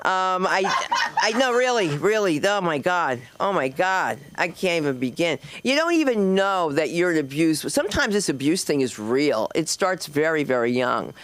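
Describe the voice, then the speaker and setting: A woman's voice: fairly low pitch, sing-song, normal speed. A middle-aged woman hosts a comedy open mic, wandering from one story to the next in a loose stand-up set. She acts out the people in her anecdotes as she goes. Her voice comes through a handheld mic on a club stage. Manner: loose, digressive storytelling, acting out quoted people. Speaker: stand-up comic and host.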